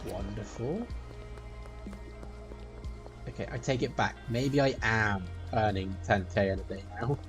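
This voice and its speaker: A man's voice: fairly low pitch, unhurried, pauses often. A man giving a running let's play commentary and chatting to the characters in the game. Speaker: gameplay streamer. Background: game music.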